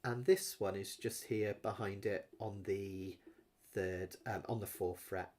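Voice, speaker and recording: A man's voice: lowish voice, fairly even intonation, measured pace, darkish tone. A man teaching a live online ukulele lesson, chatty and encouraging, sometimes singing along as he plays. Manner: encouraging, chatty, sings along while playing. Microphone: webcam with close-up camera angle. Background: ukulele playing.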